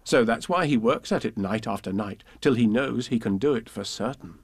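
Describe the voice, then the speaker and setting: A man reads children's poems and stories aloud in a gentle, measured way. His voice sits at an ordinary pitch and is recorded close and dry. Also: husky, dry recording. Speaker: reader.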